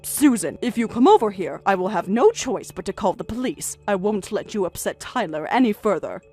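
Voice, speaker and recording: Woman reading a steady, firm older grandmother. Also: medium pitch, normal speed, slightly rough, faint music behind. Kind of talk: story narration with dialogue.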